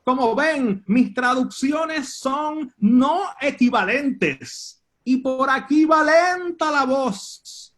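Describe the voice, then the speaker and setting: High-voiced man improvising bilingual poetry. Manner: switches back and forth between two languages line by line, self-translating; halting, drawn-out phrasing with pauses and fillers. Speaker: poet. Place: at home, walking around the house. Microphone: phone.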